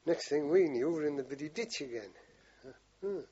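Older man, rambling and husky. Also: a little high, animated, a little fast, warm tone, muffled recording. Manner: rambling, salty storytelling with frequent swearing. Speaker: veteran interviewee. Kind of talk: oral history interview.

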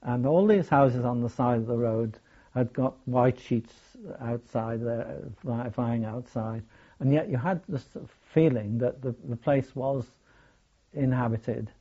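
An older man, recalling his wartime experiences in a hesitant, halting way full of restarts. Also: medium pitch, warm tone. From England. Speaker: war veteran telling his story. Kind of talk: oral history recollection. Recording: dull lo-fi recording.

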